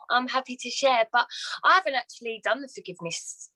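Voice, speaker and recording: A woman in an online support group speaks candidly about her own life, with a bright, forceful tone. Light laughs slip in between her phrases, and the sound of her call is close and dry. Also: a little high, animated, normal speed, no echo, rough recording. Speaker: group participant. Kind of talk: personal sharing on a video call. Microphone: video call.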